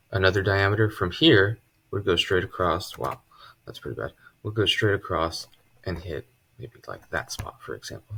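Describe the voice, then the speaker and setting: A man teaching a casual math lesson at a board, relaxed and chatty, with joking asides. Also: sits low, gravelly, breathy edge. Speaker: math tutor.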